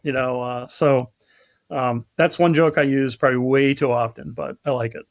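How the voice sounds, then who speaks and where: A man's voice: medium pitch, fairly even intonation, normal speed, gravelly. A man from New York, a guest in a casual podcast conversation, telling stories and jokes with a cynical, self-deprecating humor and acting out the voices. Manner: storytelling, acts out voices in jokes. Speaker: guest, product marketing lead.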